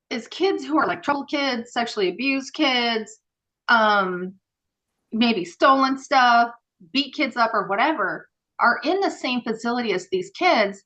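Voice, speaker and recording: A woman guest on a podcast, telling stories in a casual, animated way with many fillers and acted-out dialogue. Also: fairly high pitch, rough recording. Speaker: podcast guest, former group home worker. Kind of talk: casual interview storytelling.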